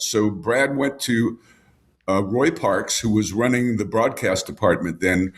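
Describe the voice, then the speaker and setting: An older man, a baseball broadcaster, reminiscing in a relaxed podcast chat and piling up names and details. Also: fairly low pitch, measured pace. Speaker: baseball radio broadcaster, guest. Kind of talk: casual storytelling in a podcast chat.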